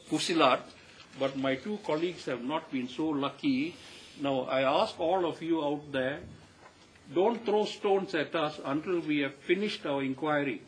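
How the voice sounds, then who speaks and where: An older man with a Malaysian English accent, giving a measured, emphatic statement to the press and repeating his key points. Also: a little high, slight background noise, poor audio. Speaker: panel member addressing the press.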